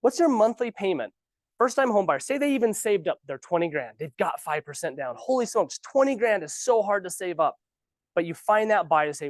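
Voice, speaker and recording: A man's voice: high-pitched, a little fast, dry recording. Ranting man coaching new realtors. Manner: animated, ranting, sarcastic asides. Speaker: real estate trainer. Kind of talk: casual training talk. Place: office training room.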